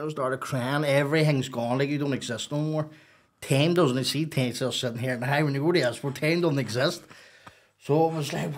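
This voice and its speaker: A man, a podcast guest telling a story in a casual, animated, profane and rambling way. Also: a little high, a little fast.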